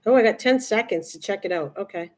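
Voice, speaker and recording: A middle-aged woman talks casually to her viewers while she cooks on a live stream. She rambles, restarts her sentences and fills the pauses with ums and uhs. Her pitch sits in a plain middle range. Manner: chatty, rambling, many restarts and fillers.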